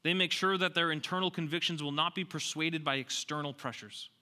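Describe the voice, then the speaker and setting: Emphatic, bright-voiced male preacher. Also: fairly high pitch, brisk. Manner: emphatic, repeats key lines, asks the crowd rhetorical questions. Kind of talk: sermon.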